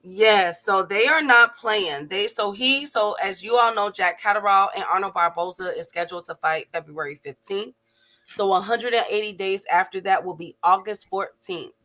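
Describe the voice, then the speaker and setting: A woman's voice: medium pitch, moderate pace, sharp tone. A woman hosting a casual boxing live stream, chatty, laughing easily and greeting viewers by name. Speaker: host.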